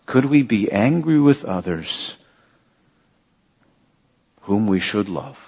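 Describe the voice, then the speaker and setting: Slow, husky-voiced preacher man. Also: fairly low pitch, expressive, a little mellow, in a large hall. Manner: earnest, repeats phrases for emphasis, rhetorical questions. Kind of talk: sermon. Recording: dull lo-fi sermon recording.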